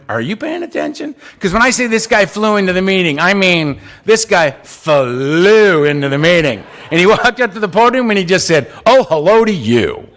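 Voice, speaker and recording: A man with a high, bright, ringing voice tells a funny, self-mocking story of his own recovery. He speaks at a conference podium, animated and quick with a punchline. He has a crisp, lively edge in his delivery. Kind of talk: humorous personal testimony.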